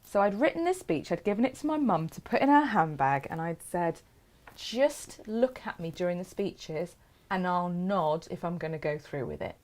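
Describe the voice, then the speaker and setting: A woman's voice: on the low side, animated, normal speed, a little mellow. Brief: giggly English woman, live-stream sewing host, chatty and easy. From England. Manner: chatty, giggly, reads viewer comments aloud. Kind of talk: casual live-stream chat.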